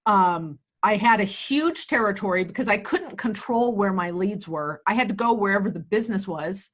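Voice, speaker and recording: Lady in her 40s telling wild stories, kinda breathy, loud and laughy, swears a lot. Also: medium pitch, moderate pace. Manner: animated, profane, laughing storyteller. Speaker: real estate agent and coach. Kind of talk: casual interview storytelling. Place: her office.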